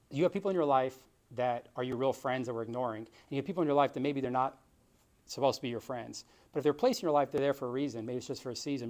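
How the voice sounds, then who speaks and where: Brisk, earnest man in his thirties, a realtor giving a motivational talk, conversational and direct. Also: mid-range voice, a little mellow. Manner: earnest, rapid, conversational, addresses listeners as guys. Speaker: realtor and author.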